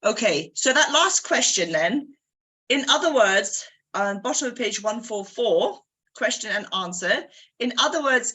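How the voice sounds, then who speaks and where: A woman hosting a book club, giving an energetic motivational talk straight to her listeners. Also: fairly high pitch, measured pace, breathy edge. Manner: energetic, addresses listeners directly.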